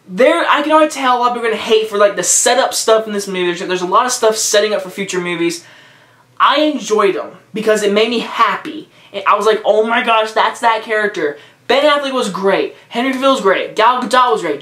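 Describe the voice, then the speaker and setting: A man's voice: high voice, a bit bright. A young man giving a casual spoken movie review, rambling and repeating himself with lots of filler words. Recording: roomy echo.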